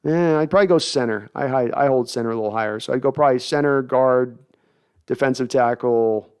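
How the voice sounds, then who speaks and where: A man's voice: medium pitch, brisk, a little mellow, clean tone. A man hosting a casual sports livestream, chatty and full of restarts as he reads viewer messages aloud. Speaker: host.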